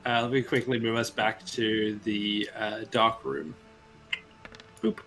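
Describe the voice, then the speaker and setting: A man's voice: on the low side, takes it slowly, over music. A man narrating scenes and calling for rolls as game master, encouraging the players. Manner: descriptive, encouraging, with fillers.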